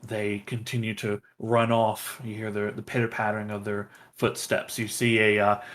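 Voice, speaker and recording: A man's voice: fairly low pitch, a bit bright. Man running a tabletop game. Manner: casual, many fillers like um and like. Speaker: game master.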